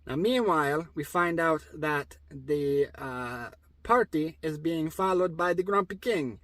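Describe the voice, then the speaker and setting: A man casually retelling a film story for kids in deliberately broken English, with many fillers. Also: on the high side, fairly bright tone, dry recording.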